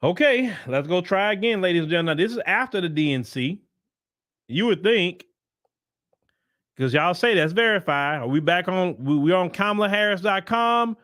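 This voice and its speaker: A man's voice: high voice, lively intonation, moderate pace, a bit bright, no echo, studio quality. A man hosting a solo political commentary show, talking emphatically and firing off repeated rhetorical questions, with sarcastic asides while browsing websites on screen.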